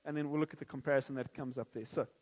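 A man's voice: medium pitch, steady tone, racing, a little mellow, in a large hall. A man preaching a sermon, joking at first and then earnest and prayerful.

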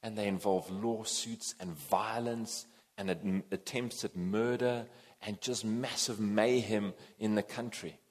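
A man preaching a sermon, animated and emphatic, swinging between loud and soft. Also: fairly low pitch, slow pace. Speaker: pastor.

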